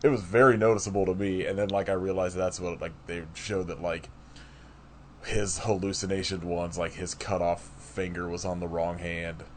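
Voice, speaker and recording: A podcast co-host in casual chat about a film, wry and halting, often trailing off mid-thought. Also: low-pitched, level tone, a little hiss or hum.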